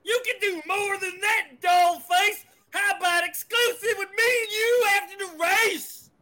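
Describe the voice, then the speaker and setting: Guy doing a cocky young speedster hero, shouty and boastful, high bright voice. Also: fairly even intonation, a little slow, heavily acted. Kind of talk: casual podcast table read.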